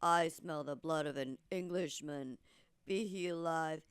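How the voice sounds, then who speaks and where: A woman's voice: measured pace, smooth, no room sound, studio quality. A woman voicing a huge, greedy male giant in a read-aloud storybook, roaring his lines. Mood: menacing. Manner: booming, roaring.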